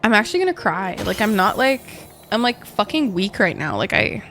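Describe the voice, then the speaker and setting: Giggly, excitable woman streamer, high voice. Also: normal speed, faint music behind. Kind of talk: live game-stream chat.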